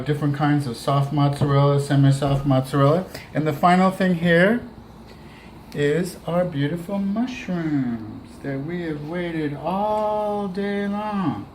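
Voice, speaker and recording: A man giving a relaxed, chatty cooking demonstration, talking through each step as he works. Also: on the high side, reverberant, a little hiss or hum, low-quality recording. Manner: relaxed, chatty, talks while working. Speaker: cooking instructor.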